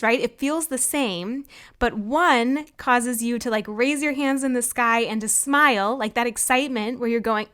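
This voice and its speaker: Podcast host, woman in her 30s, smooth clear voice, chatty pep-talk delivery. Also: fairly high pitch, moderate pace, fairly bright tone. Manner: chatty, frequent "like" and "you know", laughs often. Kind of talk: casual motivational monologue.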